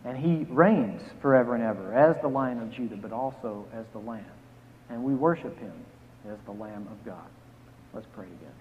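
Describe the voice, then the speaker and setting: A man pastor reading scripture, preaching and leading a prayer, emphatic on key phrases and dropping soft to pray. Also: medium pitch, moderate pace, slight background noise. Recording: phone-like sound with long hall reverb.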